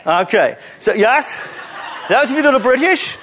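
A man's voice: extremely high pitch, sing-song, measured pace, fairly bright tone, slight background noise. A man leading a live audience on a hall stage, coaxing volunteers with playful, teasing jokes. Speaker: presenter leading audience participation.

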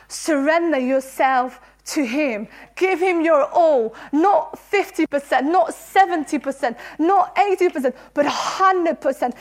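Very high-voiced woman preaching earnestly. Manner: earnest and emotional, laughing between phrases. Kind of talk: sermon.

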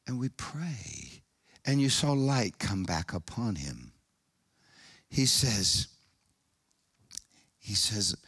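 A man preaching a sermon, telling a story with excited high bursts and hushed, solemn passages. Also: takes it slowly, gravelly, pauses often, slightly rough, no room sound, clean studio sound.

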